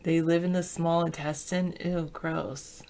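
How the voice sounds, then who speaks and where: A woman from the American South talks in a casual, rambling way over a video call, her voice sitting a little low. She takes her time and sometimes spells words out one letter at a time. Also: level tone, unhurried, mellow. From Southern United States. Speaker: video chat participant. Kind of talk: casual chat.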